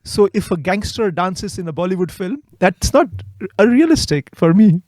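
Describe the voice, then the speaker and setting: A man's voice: high voice, lively intonation, normal speed, a little mellow, no room sound. A young man from India hosting a casual chat, playfully correcting his guest's English. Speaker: host, English teacher and comedian.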